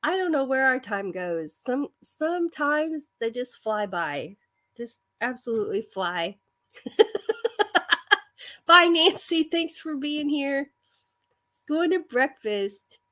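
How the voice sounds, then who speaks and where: A woman's voice: high voice, big pitch swings, slow pace, pauses often, pushed and bright. A woman hosting a casual live chat with her viewers, giggly and self-deprecating. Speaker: livestream host.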